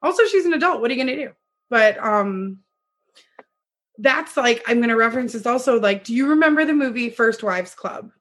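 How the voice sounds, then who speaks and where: A woman's voice: on the high side, expressive, fairly quick, a bit bright. A woman talking casually on a podcast, earnestly reflecting and retelling movie scenes. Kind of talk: casual chat.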